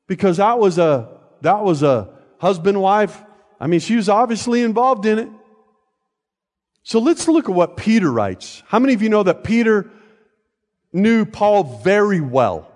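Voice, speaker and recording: A man's voice: high-pitched, very animated, unhurried, darkish tone, long reverb tail. An older man preaching a sermon from a church pulpit, conversational, with joking asides and frequent check-ins with the congregation. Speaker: pastor. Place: church sanctuary.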